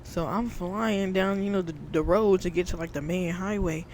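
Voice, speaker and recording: A woman's voice: fairly low pitch, normal speed, a little hiss or hum. Chatty young woman telling a story. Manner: animated, chatty, addresses viewers as y'all, makes sound effects. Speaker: vlogger. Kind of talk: casual storytime.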